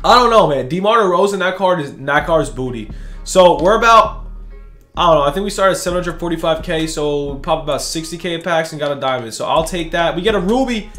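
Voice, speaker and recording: A young man doing casual, excitable commentary for a gaming video, slangy and hyped, jumping between shouting and muttering. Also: on the high side, brisk, roomy sound, soft background music. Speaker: gaming YouTuber. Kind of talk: casual pack-opening commentary.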